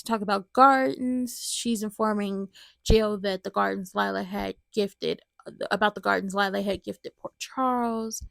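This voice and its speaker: A woman hosting a casual soap opera recap, chatty and animated, talking straight to her viewers. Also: medium pitch, measured pace, creaky, dry recording.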